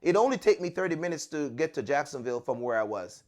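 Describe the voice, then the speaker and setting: A man's voice: a little high, sing-song, fast, darkish tone. A man hosting a podcast, telling a personal story in an earnest, conversational way and often repeating words as he restarts. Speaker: podcast host.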